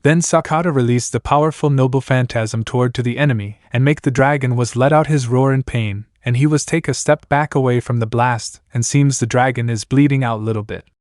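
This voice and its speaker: A man reading fan fiction aloud in a plain, steady storytelling voice with broken grammar. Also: medium pitch, brisk, hardly any pauses, no room sound, studio quality.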